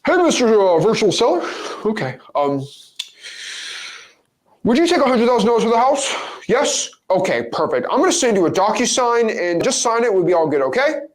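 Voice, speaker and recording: A man's voice: sits high, very animated, moderate pace, pitched above the performer's own voice. A man putting on a boastful wholesaling guru, rattling off breezy, smug sales patter on a phone call.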